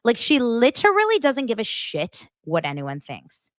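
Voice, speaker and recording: A woman's voice: fairly high pitch, huge pitch swings, normal speed, dry recording, clean studio sound. A woman hosting a podcast, giving a chatty, gossipy recap of a reality TV show with blunt opinions. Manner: chatty and gossipy, heavy use of "like"; blunt and judgmental. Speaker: podcast host.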